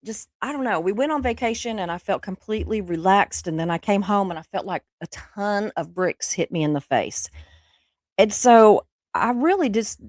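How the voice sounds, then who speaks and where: A woman's voice: mid-range voice, expressive, moderate pace, darkish tone, no room sound, studio quality. Chatty woman with the flu. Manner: rambling, chatty, laughs often, reads chat aloud. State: sick with the flu. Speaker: livestream host. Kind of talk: casual chat with live viewers.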